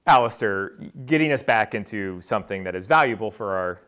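A man's voice: fairly low pitch, lively intonation, fairly quick, fairly bright tone. A man moderating a business panel, self-mocking and full of fillers as he steers the talk. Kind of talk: panel discussion.

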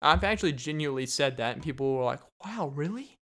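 A man's voice: mid-range voice, fast, bright, forceful tone, clear, resonant tone. Laughing, rambling young man. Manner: rambling and joking, laughs often. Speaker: podcast host. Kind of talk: casual solo podcast monologue.

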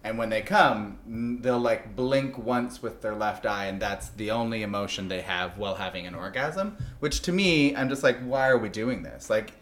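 A man's voice: lowish voice, moderate pace, hardly any pauses, a bit bright, reverberant, slight background noise. Frank joking man in his thirties. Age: 30s. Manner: frank, joking, lots of fillers. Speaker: podcast host. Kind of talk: casual podcast chat.

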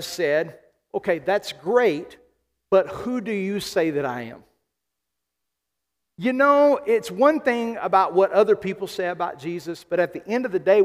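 Preaching as a pastor, a high-voiced man from the American South speaks emphatically, slowing down and repeating key phrases. A long hall reverb fills the recording.

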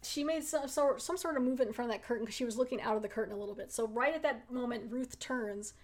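A woman's voice: a little high, quick pace. A woman podcast host reviewing a TV episode in casual chat, retelling scenes animatedly and laughing often.

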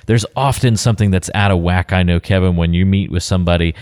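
A man with a very deep voice hosts a radio talk show. He reads promos and lead-ins smoothly and tosses in light jokes with his guest. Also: fast, a little mellow. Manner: smooth, scripted lead-ins, jokey asides.

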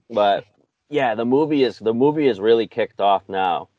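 Easygoing rambling podcast host. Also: male voice, mid-range voice, dry recording, dull audio. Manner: easygoing, rambling, with lots of fillers. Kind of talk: casual film-review chat.

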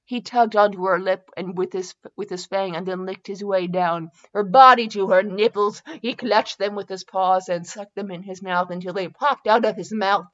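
A woman's voice: medium pitch, fairly even intonation, normal speed, few pauses, fairly bright tone, muffled recording. A woman podcast host reading fan fiction aloud for comedy, breaking off into giggles and self-mocking asides.

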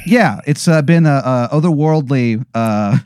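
A man's voice: medium pitch, a little slow, darkish tone, clear, resonant tone, no echo, studio quality. A man improvising a comic story for a friend, rambling through fillers and breaking into laughter. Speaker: storyteller posing a hypothetical.

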